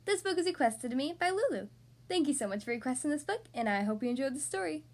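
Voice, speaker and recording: A woman hosting a podcast, reading a storybook aloud to young children in an expressive, animated way. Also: high-pitched, quick pace, over loud music.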